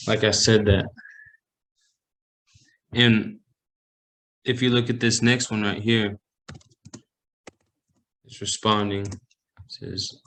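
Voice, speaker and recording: Slow, low-voiced man teaching online. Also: flat delivery, fairly bright tone, rough recording. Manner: patient, explains slowly and repeats example phrases. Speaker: language teacher. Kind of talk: online language lesson. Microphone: computer mic on a video call.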